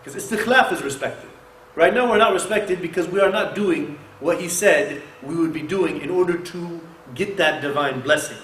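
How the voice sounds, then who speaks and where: A man delivers an animated mosque sermon with a fairly high voice. He poses rhetorical questions and recites Arabic verses between his points. The echoey room carries a faint background hum. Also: normal speed. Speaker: mosque speaker.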